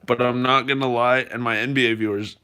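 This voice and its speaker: Chatty guy on a home stream, bright voice, rambles a lot. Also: medium pitch, steady tone, fairly quick, smooth. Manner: rambling, chatty, with fillers and restarts. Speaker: live streamer. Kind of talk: casual live-stream chat.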